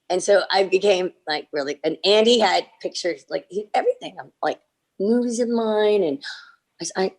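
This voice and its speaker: Actress guest, woman, low gravelly voice, chatty storyteller, video-call panel audio. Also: lively intonation, moderate pace. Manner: acts out quoted dialogue with big pitch jumps, many restarts. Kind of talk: animated storytelling on a virtual panel.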